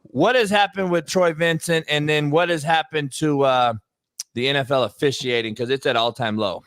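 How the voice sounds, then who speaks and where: A rowdy male sports talk host with a high, bright voice. He banters loudly, swears freely and laughs often, and his voice sounds dry and close to the mic. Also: fairly even intonation, normal speed, clear, resonant tone, no echo. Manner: loud, laughing, profane banter.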